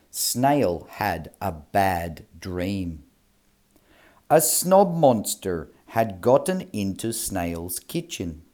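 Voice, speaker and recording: A man reading a children's story aloud in a slow, clear, sing-song way. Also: medium pitch, darkish tone.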